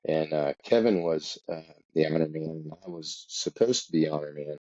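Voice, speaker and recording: Man, former Marine, host, very low voice, relaxed, slightly muffled sound. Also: normal speed, no room sound. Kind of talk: casual chat.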